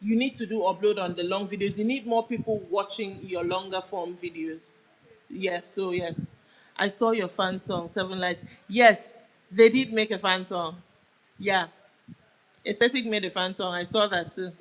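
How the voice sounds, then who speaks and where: In a low-quality recording, a young woman with a Nigerian accent hosts a casual livestream, her mid-range voice keeping a fairly even intonation at a moderate pace. She chats with viewers and reads their comments aloud as she goes, often trailing off mid-sentence.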